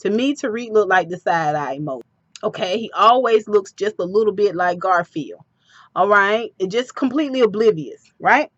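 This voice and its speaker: A woman giving a casual, animated recap of a TV episode with personal asides. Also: medium pitch, moderate pace, dry recording, highs cut off.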